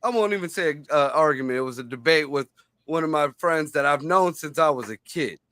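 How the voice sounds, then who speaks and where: A man's voice: on the high side, animated, brisk, a bit bright, clear, resonant tone, no room sound. A man, a guest in a casual chat, recounting an argument with hesitant starts and profane emphasis.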